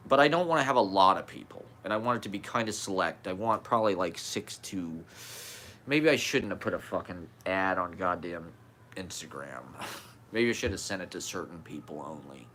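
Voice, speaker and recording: A man's voice: deep voice, expressive, normal speed, fairly bright tone, slight background noise. A man with a slight lisp, talking candidly in a rambling personal monologue, swearing and laughing as he goes.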